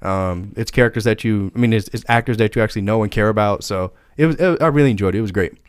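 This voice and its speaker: A man's voice: fairly low pitch, fast talker, clean tone, no echo, studio quality. A man hosting a podcast in casual chat, laid-back and rambling, with frequent restarts. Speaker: podcast host.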